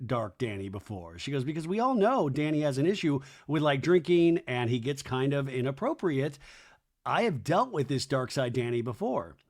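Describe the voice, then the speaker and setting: Male podcast host, mid-pitch, gossipy recap delivery with quick put-on voices. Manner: chatty, mimics cast members in high mocking voices. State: hiccups. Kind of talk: casual recap commentary.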